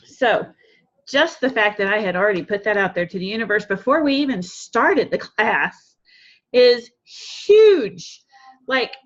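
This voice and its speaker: A woman's voice: on the high side, sing-song, slow, long pauses, lo-fi sound. A woman sharing an emotional testimonial on a group call, tearful and laughing as she speaks. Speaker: program participant.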